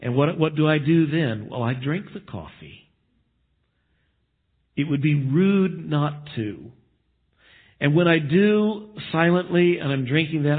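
A man with a somewhat high, husky voice delivers an expository sermon, reading verses aloud and then unpacking them. The recording is thin and phone-like, squeezed into a narrow band. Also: expressive, a little slow. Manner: expository preaching, reading scripture aloud with emphasis. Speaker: pastor.

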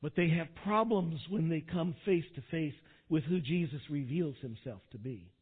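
A male pastor preaching a sermon, swinging from quiet asides to loud, dramatic quotations. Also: fairly high pitch, moderate pace, breathy edge. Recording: tinny phone-like sound.

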